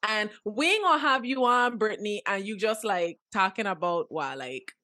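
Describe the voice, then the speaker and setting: A woman co-hosting a casual podcast, sassy and animated, who laughs often. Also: medium pitch, moderate pace. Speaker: podcast co-host.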